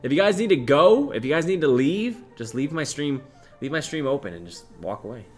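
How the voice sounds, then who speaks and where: A man in his twenties chats loosely with his live stream audience, reading out names and places and cursing along the way. His pitch swings widely, jumping high when he gets excited. Faint music plays underneath. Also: a little fast. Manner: swearing, animated, shouts out chat names and places. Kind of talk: casual livestream chat reading viewer comments.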